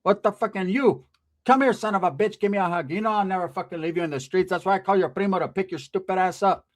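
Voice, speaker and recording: Dude playing a bossy cussing tia, loud and brash, kinda high. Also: male voice, fast talker, close to an everyday voice. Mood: scolding. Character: foul-mouthed fierce middle-aged aunt.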